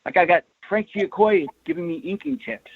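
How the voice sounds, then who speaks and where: A man in his sixties, a comic artist being interviewed, telling stories in a rambling, animated way and laughing often. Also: high voice, normal speed, creaky, breathy edge. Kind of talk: casual interview storytelling. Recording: lo-fi, dry remote audio.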